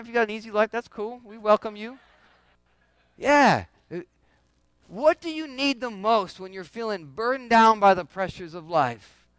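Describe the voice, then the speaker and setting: A man preaching to his congregation in a loose, conversational way, repeating phrases and calling out questions. His voice sits high and sounds smooth and clear. The recording is dry and close, with no room echo. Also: a bit bright. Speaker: pastor. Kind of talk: sermon.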